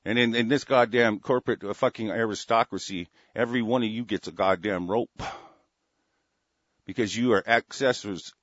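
A man's voice: lowish voice, moderate pace, a bit bright, dry recording. A man in an angry, profane rant, talking in heated bursts with stammering restarts. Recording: dull lo-fi dry recording.

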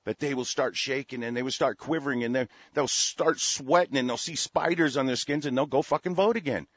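A man hosting a talk radio show, ranting angrily and profanely, swinging from shouting to muttering. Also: medium pitch, brisk, slightly rough, no room sound. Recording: dull, dry lo-fi radio audio.

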